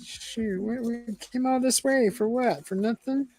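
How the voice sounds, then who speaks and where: A woman's voice: fairly high pitch, unhurried, warm tone, breathy edge, low-quality recording. A woman reading an adventure book aloud in a casual, chatty way, breaking off for laughing asides. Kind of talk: casual read-aloud chat.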